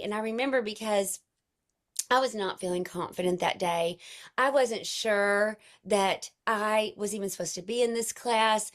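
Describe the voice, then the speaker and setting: A woman telling an emotional personal story to her sales team in an earnest way. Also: mid-range voice. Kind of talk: personal storytelling to an online group.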